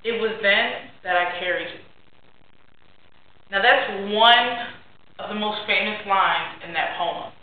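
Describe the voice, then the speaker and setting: A young woman giving an earnest, heartfelt personal speech to a class, often trailing off softly. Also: mid-range voice, slight background noise. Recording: very echoey, distant, tinny and lo-fi.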